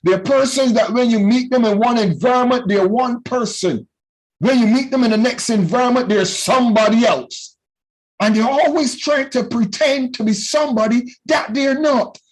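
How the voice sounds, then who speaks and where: A man teaching a youth class in a loud, passionate preaching style, often calling out to his listeners. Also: very high-pitched, normal speed, low-quality recording. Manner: loud and passionate, with call-and-response phrases.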